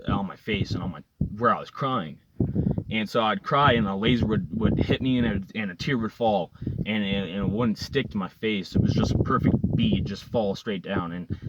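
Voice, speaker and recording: A man's voice: lowish voice, dull audio, background noise. A man vlogging to his viewers, telling a long personal story in an earnest, rambling way with lots of fillers and repeated words. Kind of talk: casual storytelling to camera.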